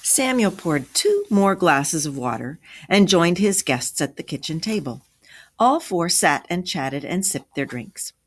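A woman reading a story aloud for a children's lesson, with an expressive, clear delivery. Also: fairly low pitch, a little slow, no room sound.

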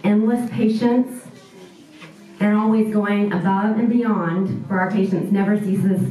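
A woman's voice: mid-range voice, steady tone, measured pace, dark tone. A woman doctor giving an earnest, somewhat self-deprecating speech at an event. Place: large indoor event room. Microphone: far camera. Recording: echoey room from far off.

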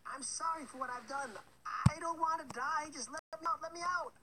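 A man voicing a cruel cannibal baker woman in a storybook reading, shrill and pleading. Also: sing-song, fairly quick. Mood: shrieking, begging. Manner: shrill and screeching, begging desperately. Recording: loud background noise with clicks.

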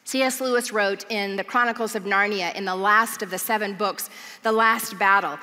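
A woman preacher giving a sermon, telling a story in an animated, earnest way. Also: medium pitch, normal speed, in a large hall. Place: large church auditorium.

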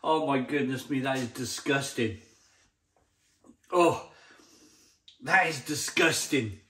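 A man's voice: mid-range voice, takes it slowly, pauses often, bright, forceful tone. A man reviewing a beer to camera in a blunt, exasperated way, often stumbling and repeating himself. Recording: roomy echoey sound.

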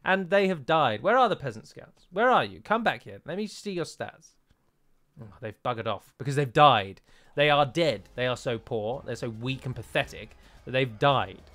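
A man's voice: mid-range voice, animated, moderate pace, a bit bright. A British man commentating on his strategy game, exasperated and swearing freely as the battle goes wrong. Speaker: strategy game let's-player. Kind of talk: gameplay commentary.

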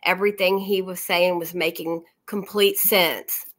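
A woman's voice: lowish voice, steady tone, measured pace, a bit bright. A woman co-hosting a casual chat stream, speaking in a defensive, emphatic way. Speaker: co-host.

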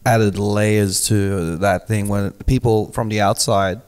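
A man co-hosting a podcast, making slow, thoughtful remarks in casual chat. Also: fairly low pitch, steady tone, darkish tone, clean tone. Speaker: podcast co-host.

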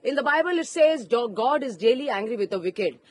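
Brief: female street preacher, high voice, impassioned, outdoor park, handheld mic. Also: expressive, a little fast. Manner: fervent, rising to emphatic shouts.

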